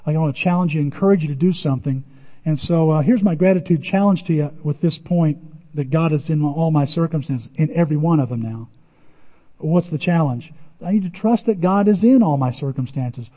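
A man preaching a sermon in a conversational, animated way, his voice rising for emphasis. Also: fairly high pitch, fairly quick. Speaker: pastor. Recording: muffled sound in a reverberant hall.

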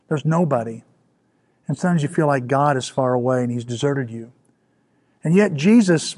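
A middle-aged man preaching a sermon as pastor, dropping to soft, quiet lines and rising for emphasis. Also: a little high.

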